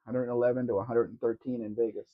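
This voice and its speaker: A man's voice: medium pitch, little pitch movement, fast talker. A man co-hosting a casual live question-and-answer stream, musing offhand about old cars. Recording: dull lo-fi stream audio.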